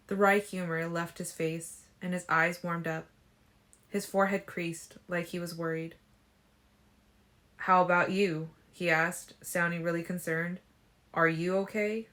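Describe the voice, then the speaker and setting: A woman narrating a novel in the first person for a fan-made audiobook, steady and subdued. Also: on the low side. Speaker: audiobook reader.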